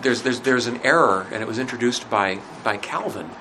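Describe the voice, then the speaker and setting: A man with a medium-pitched voice teaches a religion class as a conversational lecture, posing rhetorical questions and often pausing with fillers. The background is noisy.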